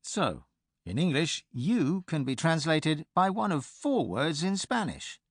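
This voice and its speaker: A man presenting a pronunciation course in a clear, measured teacher's delivery, recorded close on a studio mic. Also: fairly high pitch, sing-song, no echo. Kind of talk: scripted instructional narration.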